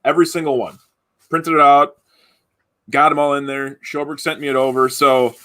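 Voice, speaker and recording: A man's voice: fairly high pitch, little pitch movement, moderate pace, pushed and bright. A man hosting a live stream giveaway, chatting loosely with many fillers and restarts. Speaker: podcast host running a giveaway. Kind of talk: casual live-stream chat.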